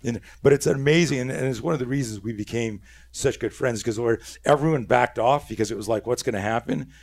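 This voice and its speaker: A man's voice: medium pitch, a little fast, gravelly. A middle-aged man telling a story in casual podcast chat, swearing freely, with lots of restarts. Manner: profane, animated storyteller with many restarts. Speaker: podcast guest, self-defense instructor.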